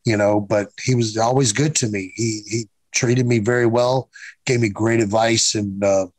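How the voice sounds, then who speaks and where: A man's voice: fairly low pitch, steady tone, normal speed, dry recording, poor audio. Blunt, profane man in his fifties. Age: 50s. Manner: blunt, profane, acts out quoted dialogue. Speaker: guest, former pro wrestler. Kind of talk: casual storytelling interview.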